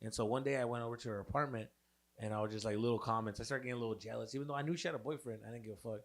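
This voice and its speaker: A man's voice: mid-range voice, rapid-fire. A young man co-hosting a podcast, telling a long profane story in casual chat and mixing in Spanish slang. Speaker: podcast co-host.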